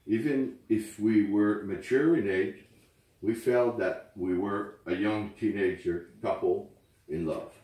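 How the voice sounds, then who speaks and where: A man whose first language is French, reading memorial poems aloud at a wake in a slow, earnest way. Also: fairly low pitch, darkish tone. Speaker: speaker at a wake. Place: memorial gathering indoors. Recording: very echoey room, far from mic.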